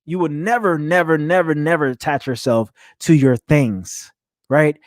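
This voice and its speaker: A young man hosts his own motivational podcast in a fairly high voice. He talks earnestly and animatedly, laughs often and restarts his words. The recording is dry and close, with no room sound. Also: unhurried, no room sound. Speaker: podcast host. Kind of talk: motivational solo podcast talk.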